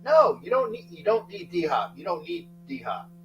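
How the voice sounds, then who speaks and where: A middle-aged man hosting a casual sports talk livestream, rambling, thanking chatters by name and breaking into sudden loud outbursts. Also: sits high, huge pitch swings, normal speed, highs cut off, slight background noise. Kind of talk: casual live chat with viewers.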